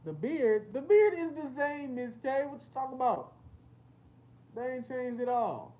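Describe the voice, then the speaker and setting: A man's voice: very high-pitched, unhurried. A young man, hosting a casual livestream, telling stories full of slang and cursing and reading chat comments. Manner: animated storytelling with lots of slang and cursing.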